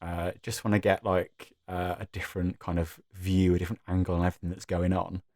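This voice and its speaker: A man's voice: sits low, little pitch movement, a little fast, darkish tone, dry recording, clean studio sound. A man playing a tabletop game on a podcast, describing his moves in a laid-back way with many fillers. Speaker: player. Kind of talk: tabletop role-play chat.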